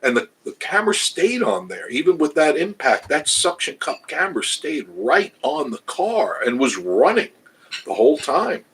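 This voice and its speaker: An older man hosts a casual travel channel livestream, reading live chat and talking with viewers. His voice is on the high side, husky and fairly bright, very animated at a normal speed, as he rambles chattily, restarts, and laughs at himself. The recording is rough.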